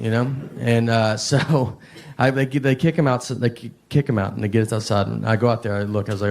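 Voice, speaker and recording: A middle-aged man from Tennessee, telling rambling deadpan stories in a stand-up comedy set. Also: mid-range voice, fairly quick, noisy background. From Tennessee, USA. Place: comedy stage with live audience. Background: audience laughter.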